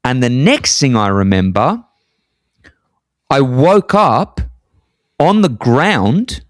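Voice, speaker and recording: A man, telling a lively story in casual podcast chat, his voice leaping up high for emphasis. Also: takes it slowly, no room sound, studio quality. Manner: animated, jumps high in pitch for emphasis. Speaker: podcast co-host. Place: apartment in Scotland.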